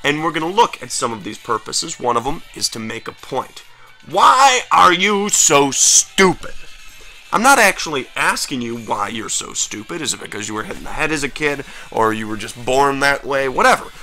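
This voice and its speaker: Energetic male grammar teacher. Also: mid-range voice, fairly quick, hardly any pauses, faint music behind. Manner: energetic, emphatic, addressing students. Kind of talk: recorded grammar lesson.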